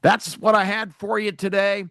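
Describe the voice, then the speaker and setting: A man with a fairly high voice speaks straight into a close studio mic, with a dry and direct sound. He hosts a talk radio show and delivers a political monologue. His tone is emphatic and indignant, and he pauses on fillers as he builds his points. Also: flat delivery, gravelly, fairly bright tone, no room sound.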